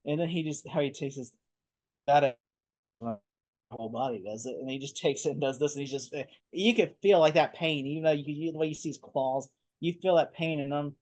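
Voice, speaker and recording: Excited rambling male podcast host. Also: fairly high pitch, brisk. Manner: excited, rambling retelling of scenes. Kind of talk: casual movie talk.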